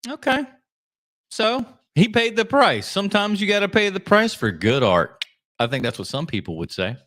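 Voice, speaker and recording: Profane, sarcastic man with a lively voice. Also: sits high, moderate pace. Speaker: podcast host. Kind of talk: live reaction commentary.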